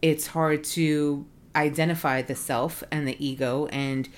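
A woman's voice: sits low, steady tone, moderate pace, hardly any pauses. A woman in casual conversation, talking earnestly with lots of "like" and "you know". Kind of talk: casual podcast chat.

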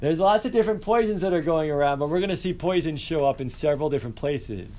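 Energetic man teaching a literature class. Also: fairly high pitch, fast talker. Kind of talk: classroom lecture.

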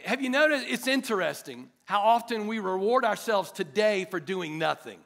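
High, bright-voiced preacher, man. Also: moderate pace, creaky. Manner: animated, chatty, jokes with the congregation. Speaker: pastor. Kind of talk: sermon. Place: church hall.

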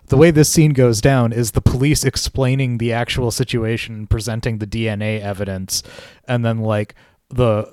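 A man's voice: mid-range voice, darkish tone, clean tone, no room sound, studio quality. A man co-hosting a casual discussion podcast, laying out his analysis with hedges and fillers. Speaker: podcast co-host.

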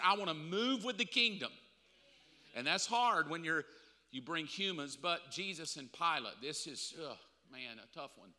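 A man with a fairly high, very bright and cutting voice teaches a Bible lesson in a casual, conversational preaching style. He jumps from quiet asides to loud, emphatic bursts. His voice rings out with a long reverb in a large church hall. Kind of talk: sermon.

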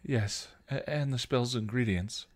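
A man's voice: medium pitch, unhurried, close to an everyday voice. A man reading a story aloud, voicing a tearful teenage girl who pleads and stammers. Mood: tearful pleading.

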